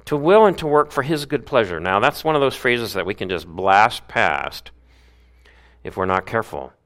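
Male pastor, low voice, animated sermon, loud peaks and hushed asides. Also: normal speed. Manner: acts out grumbling voices.

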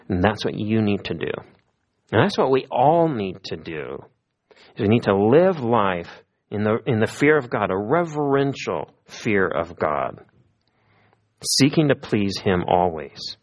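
A man preaching a sermon as a pastor, in a conversational manner with lively emphasis. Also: lowish voice, unhurried, highs cut off.

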